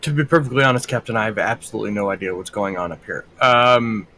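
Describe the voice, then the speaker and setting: A man's voice: on the low side, fast talker, pushed and bright, slight background noise, poor audio. A man playing the first officer in a tabletop game, hesitating often. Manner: hesitant, lots of ums. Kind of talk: tabletop role-play.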